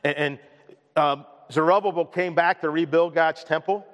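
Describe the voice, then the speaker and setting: A man's voice: fairly high pitch, steady tone, moderate pace, fairly bright tone. A male pastor preaching a casual, conversational sermon to his congregation, often repeating words as he restarts his sentences. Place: church sanctuary. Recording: long hall reverb in a church.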